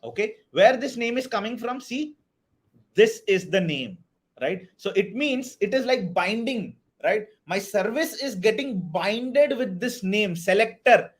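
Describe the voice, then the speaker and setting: A man teaching a live online DevOps class, energetic, often checking if everyone is clear. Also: high-pitched, unhurried. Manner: energetic, repeats "are you all clear" and "right"; hypes up the chat and counts down to a target. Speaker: DevOps instructor.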